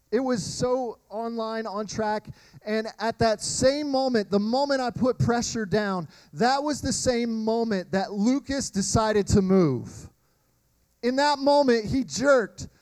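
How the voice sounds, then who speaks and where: High-voiced pastor telling stories. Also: male voice, no room sound, poor audio. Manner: animated storytelling, addresses crowd as y'all. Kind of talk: sermon with personal story.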